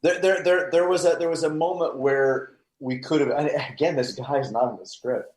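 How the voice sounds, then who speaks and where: A man with a mid-pitched voice rambles about a film, repeating words as he gathers his thoughts. His voice echoes around a room. The sound comes through a video call. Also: fairly even intonation, normal speed, a little mellow. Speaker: podcast co-host. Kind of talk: casual movie discussion. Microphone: home mic on a video call.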